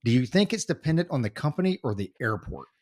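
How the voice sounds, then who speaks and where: A man co-hosting a podcast, telling a story in casual chat, animated and full of restarts. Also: medium pitch, quick pace. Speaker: podcast co-host.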